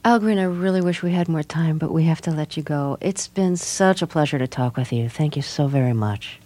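A woman interviewing a guest for radio, asking gentle, probing questions. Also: sits low, a little fast. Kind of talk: broadcast interview.

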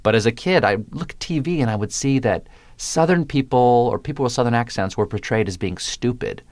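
A man's voice: mid-range voice, a little fast, darkish tone, dry recording. A man from the American South with no regional accent, a comedian talking wryly and with precise diction in a radio interview. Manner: wry, precise diction, playful. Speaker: guest, comedian.

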